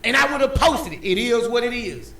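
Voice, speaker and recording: A man co-hosting a live stream, giving heated, emphatic commentary and drawn-out warnings. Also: extremely high pitch, expressive, vocal fry, pushed and bright, echoey room.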